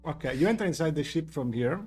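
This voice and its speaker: A man's voice: a little high, animated, fast talker, darkish tone, faint music behind. A man narrating a tabletop game as game master, hesitant and full of fillers.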